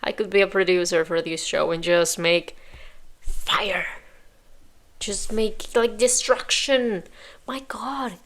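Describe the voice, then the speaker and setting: A woman's voice: medium pitch, steady tone, slow pace. A woman hosting a reaction video, talking back at the screen in exasperated, casual commentary and sometimes dropping to a whisper.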